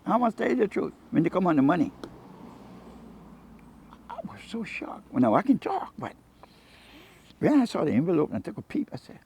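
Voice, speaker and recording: Gravelly older Caymanian man spinning yarns. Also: high-pitched, fast talker, dull audio. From Cayman Brac, Cayman Islands. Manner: animated storyteller who acts out quoted dialogue. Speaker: interviewee, local fisherman and jewelry maker. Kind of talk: rambling anecdotal storytelling.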